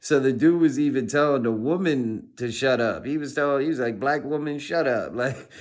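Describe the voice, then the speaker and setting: A man's voice: mid-range voice, brisk. A man hosting a casual reaction stream, laid-back, full of fillers. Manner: laid-back, lots of fillers like "you know what I mean".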